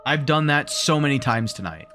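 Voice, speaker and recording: A man's voice: mid-range voice, animated, normal speed, pushed and bright, faint music behind. A man with a Southern drawl giving live gameplay commentary, thinking aloud in rambling self-talk, his voice wearing out. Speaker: streamer.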